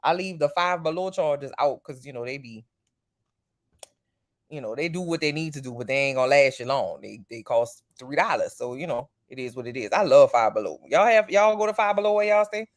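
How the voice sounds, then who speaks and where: A vlogger and parent in casual chat to the camera, slangy and chatty, jumping up high in pitch for emphasis. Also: animated, brisk.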